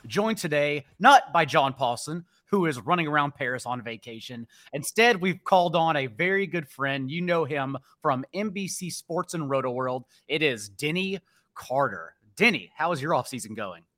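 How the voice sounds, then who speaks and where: A man's voice: on the high side, animated, moderate pace, a bit bright. A man with a Texas accent hosting a podcast in a playful, teasing chat. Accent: Texan. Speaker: podcast host. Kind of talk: casual chat.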